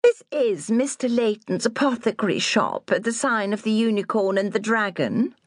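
A proud young apothecary's daughter, polite but defensive and quick to bristle, voiced by a woman reading an audiobook. Her voice sits a touch higher and moves in lively swoops. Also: dry recording, studio quality, natural voice.

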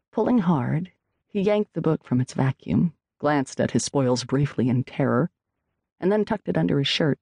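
Brief: literary audiobook narrator, mellow and gravelly, dry studio sound. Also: medium pitch, no room sound. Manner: measured, expressive reading.

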